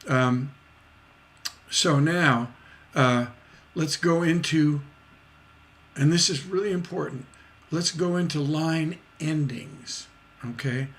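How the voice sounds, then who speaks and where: Slow-talking man teaching songwriting. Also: fairly high pitch, fairly bright tone. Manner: demonstrates rhythms by vocalizing beats; chatty, with many fillers and restarts. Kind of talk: livestreamed songwriting lesson.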